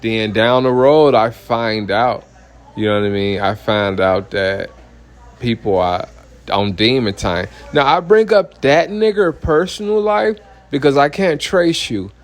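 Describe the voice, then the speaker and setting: A man's voice: medium pitch, unhurried. A man, a minister giving a heated, blunt personal testimony full of profanity and repeated "you know what I mean".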